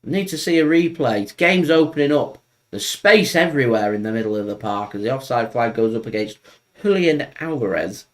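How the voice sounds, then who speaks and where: A man hosting a live football watchalong, chatting opinionatedly and breaking into excited play-by-play. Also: medium pitch, normal speed. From England. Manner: chatty, opinionated, bursts up for match action. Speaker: football fan channel host. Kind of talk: live match watchalong commentary.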